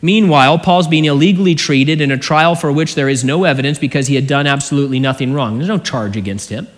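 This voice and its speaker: An earnest male pastor delivering a verse-by-verse sermon, his voice set a little higher than most men's. He poses rhetorical questions and lets his phrases sink low and quiet at their ends. A long reverb trails behind each line, as in a church sanctuary. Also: fast talker. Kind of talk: expository sermon.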